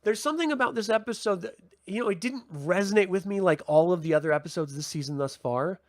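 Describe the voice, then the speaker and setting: A man talks through a TV episode review on his own channel in a loose, chatty way. He rambles and restarts, filling pauses with ums. His voice sits a little high and the sound is dry and close. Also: no room sound. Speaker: TV review host. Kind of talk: casual solo review talk.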